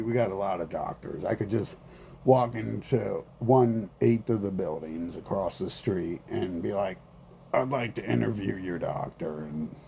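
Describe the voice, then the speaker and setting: Gravelly-voiced man ranting casually. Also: lowish voice, warm tone, slight background noise. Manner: rambling, repetitive, profane, defiant. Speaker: vlogger.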